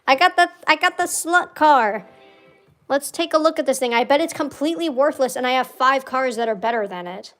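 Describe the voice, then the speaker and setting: A young woman chatting casually over gameplay, rambling with lots of "like" and swearing freely, with loud outbursts when the game goes wrong. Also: high voice, fairly quick, faint music behind. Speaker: gaming streamer.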